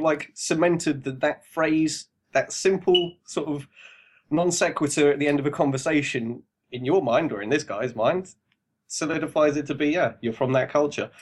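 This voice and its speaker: A man with an English accent, a podcast guest, talking in a relaxed, rambling way and laughing now and then as he talks. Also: medium pitch. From England. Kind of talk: casual chat.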